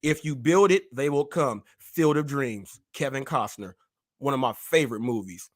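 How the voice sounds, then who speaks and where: A man hosting a live stream, boasting and trash-talking in rapid-fire wordplay. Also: medium pitch. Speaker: host.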